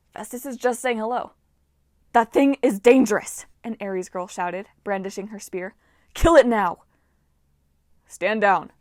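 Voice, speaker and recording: Woman narrator for a story reading, expressive, mid-pitched, dry close mic. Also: dry recording. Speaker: audiobook reader.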